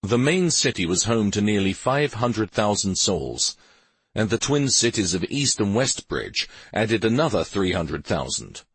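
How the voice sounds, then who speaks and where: A man narrating a fantasy audiobook in a measured, even reading. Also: lowish voice, husky, dry recording. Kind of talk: scripted narration.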